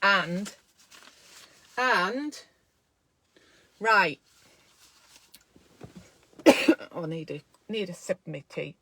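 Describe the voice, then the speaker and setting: A woman's voice: fairly low pitch, expressive, extremely slow, long pauses, fairly bright tone, breathy edge. A woman who is a midwife, talking casually to camera in a self-care vlog, chatty and encouraging as she thinks aloud from a small room at home.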